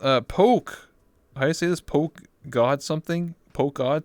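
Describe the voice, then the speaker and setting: Young male streamer, excitable, casual cursing; smooth, resonant tone, dead-dry close mic. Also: fairly high pitch, measured pace, no echo. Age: 20s. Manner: excitable, swears casually, repeats thanks. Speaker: VR chat streamer. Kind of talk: casual livestream chat.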